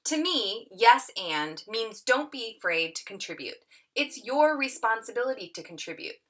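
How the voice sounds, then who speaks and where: A woman's voice: fairly high pitch, big pitch swings, moderate pace, fairly bright tone. A middle-aged woman teaching a tutorial, reading an excerpt aloud and acting out the quoted lines with lots of expression.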